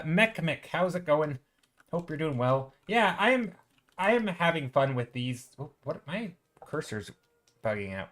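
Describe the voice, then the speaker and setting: A man's voice: medium pitch, a bit bright. A man live-streaming while painting digitally, chatting casually and thinking aloud as he greets viewers in chat.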